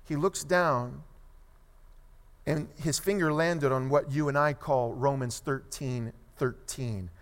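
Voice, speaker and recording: Storytelling preacher in a reverberant hall. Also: male voice, mid-range voice, takes it slowly. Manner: animated storytelling, asks the congregation questions. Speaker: pastor. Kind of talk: sermon.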